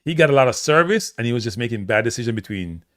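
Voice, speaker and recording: A middle-aged man from Jamaica with a Jamaican accent, chatting casually about football as a host and telling animated stories with lots of repeats. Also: mid-range voice, fast, no room sound, studio quality. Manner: animated storytelling, frequent repeats and laughs. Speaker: show host.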